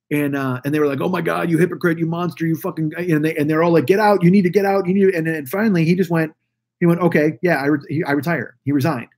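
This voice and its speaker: Man, 40s, solo podcast host, profane rambling rant, slightly high voice, husky. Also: a little mellow. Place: Los Angeles.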